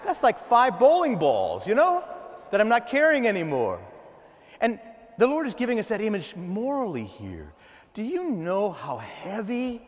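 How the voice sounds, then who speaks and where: A man preaching a sermon to his church, animated, swinging from soft asides to loud outbursts. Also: sits high, big-room sound. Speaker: pastor.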